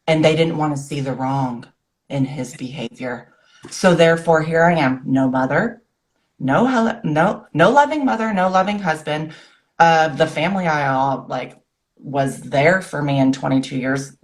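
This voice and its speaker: A woman's voice: low voice, lively intonation, moderate pace. A woman in her forties, a guest author, earnestly telling her personal story in a rush of short phrases and acting out the words of people she remembers.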